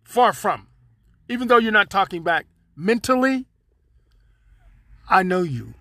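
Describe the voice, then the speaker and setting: A man's voice: sits high, lively intonation, a little slow, bright, forceful tone, no room sound, studio quality. A man hosting his own podcast, rambling and joking in loose slang straight to his listeners. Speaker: podcast host. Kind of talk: casual solo monologue.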